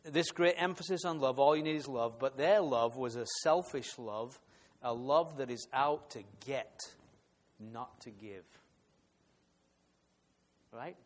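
A man's voice: medium pitch, slow, pauses often. A man preaching a sermon in an earnest way, often repeating words as he builds emphasis. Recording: hall reverb.

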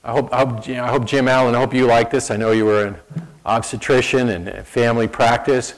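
Speaking briskly in a mid-range voice, this pastor tells his sermon like an animated conversational story, frequently starting sentences over. The audio is poor.

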